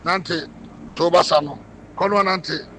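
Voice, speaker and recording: Fervent high-voiced prophet. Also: male voice, fairly even intonation, unhurried, fairly bright tone, poor audio. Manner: fervent, commanding, leads repeat-after-me prayers. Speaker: prophet leading a healing service. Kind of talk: healing prayer and call-and-response. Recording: background noise.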